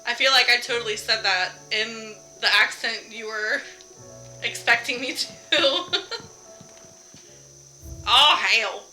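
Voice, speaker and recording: Young woman streamer, very bright slightly high voice, laughs and swears easily, light game music behind. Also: measured pace, low-quality recording. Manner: chatty, laughs often, swears casually. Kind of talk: casual live-stream chat while gaming.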